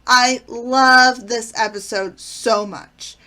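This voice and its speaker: Woman recapping her fave sitcom eps, kinda high voice, excited, lots of likes and ums. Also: slow pace. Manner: enthusiastic, retells plots with fillers. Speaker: channel host. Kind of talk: casual episode review.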